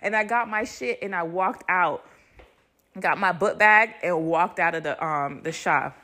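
A young woman hosting a podcast, telling a story in a casual, animated way, cursing freely and laughing between lines. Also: on the low side, measured pace. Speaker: podcast host.

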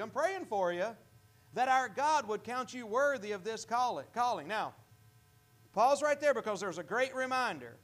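High-voiced man preaching a sermon. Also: sing-song, a little slow, a bit bright. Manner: earnest preaching with frequent repeated words and restarts. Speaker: pastor.

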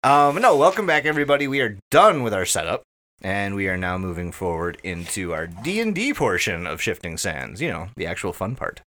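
Lively bright-voiced young game master. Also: male voice, sits low, fairly quick. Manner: laughs a lot, swears casually. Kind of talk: casual tabletop game chat.

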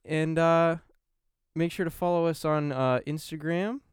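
A man's voice: a little high, steady tone, unhurried, clear, resonant tone, no room sound. A young man hosting a casual podcast, joking drily and wrapping up the show. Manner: dry, joking interjections. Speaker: podcast host. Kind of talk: casual chat.

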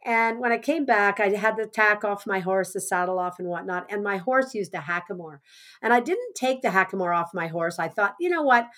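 Woman, mid-pitched, earnest conversational storyteller, softens at the hard parts. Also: moderate pace. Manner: earnest, conversational, drops softer at grim moments. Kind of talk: personal anecdote monologue.

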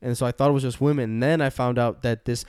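A man's voice: medium pitch, fairly even intonation, quick pace, darkish tone, smooth, no room sound, clean studio sound. A young man co-hosting a podcast, rambling in casual banter with crude words and many fillers. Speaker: podcast co-host.

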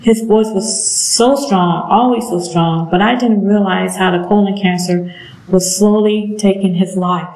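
A middle-aged woman giving an earnest, emotional personal testimony, halting now and then with pauses. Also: mid-range voice, steady tone, a little mellow. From southern United States. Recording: echoey room.

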